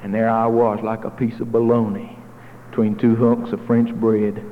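A male pastor telling stories in a sermon, folksy with dramatic swings between loud and hushed, recorded in a church hall. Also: fairly low pitch, completely flat delivery, normal speed. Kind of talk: sermon storytelling. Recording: tinny phone-like echoey hall, faint noise.

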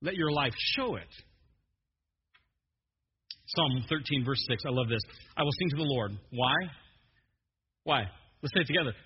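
A man preaching a joking, animated sermon as a pastor, stumbling and restarting often. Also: medium pitch, normal speed, pauses often, a little hiss or hum. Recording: dull muffled sermon recording in a long-echo hall.

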